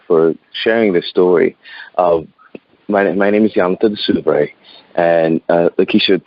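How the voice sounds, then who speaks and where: Deep-voiced man in his thirties, earnest. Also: no echo, muffled recording. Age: 30s. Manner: earnest, repeats words, laughs often. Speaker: interview guest. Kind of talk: phone interview, personal storytelling. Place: outdoors.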